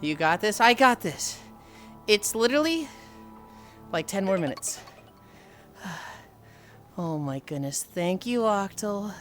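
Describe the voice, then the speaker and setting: Winded woman streamer, lively and sighing. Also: medium pitch, takes it slowly, long pauses, faint music behind. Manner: chatty, reads chat aloud, animated storytelling. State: out of breath, sighing. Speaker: livestreamer. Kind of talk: casual livestream chat while walking.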